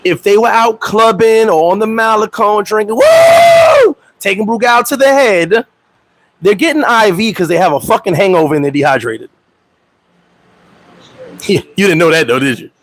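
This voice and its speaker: A man hosting a casual livestream chat, animated and laughing, telling stories with profane street slang and acting out quotes in high voices. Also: moderate pace, dry recording, poor audio. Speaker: host. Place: Dominican Republic.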